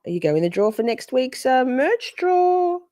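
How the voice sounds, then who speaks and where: A woman hosting a live stream, chatty and excitable, often exclaiming as she reacts. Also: sits high, unhurried, no room sound, studio quality. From Australia. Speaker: livestream host. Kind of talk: casual live-stream chat.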